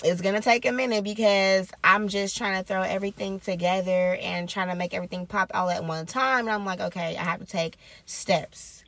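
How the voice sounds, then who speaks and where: A woman's voice: medium pitch, steady tone, brisk, few pauses, a bit bright, no room sound. A young woman talking candidly in a personal vlog, rambling and reflective with many fillers.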